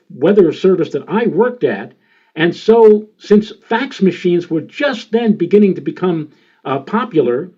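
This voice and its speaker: A man in his sixties from the New York area tells weather stories in a presentation. His voice sits a little high, and he rambles along with frequent filler sounds. The recording is dull and lo-fi. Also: warm tone. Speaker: meteorologist giving a presentation. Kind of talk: storytelling presentation.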